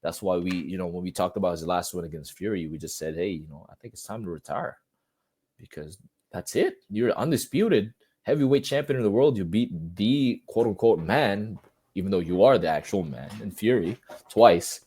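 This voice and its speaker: A man co-hosting a boxing podcast, talking in a relaxed, rambling way with lots of filler words. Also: sits low, moderate pace, husky. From Philippines. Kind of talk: casual chat.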